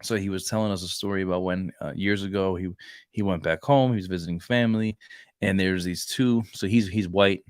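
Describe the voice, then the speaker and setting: A man with a low voice tells a story in casual podcast chat, slipping into the voices of the people he quotes. He rambles a little and keeps circling back. The recording is dry and close. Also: fairly even intonation, a little fast, clean tone, no echo. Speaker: podcast co-host; Marine reservist.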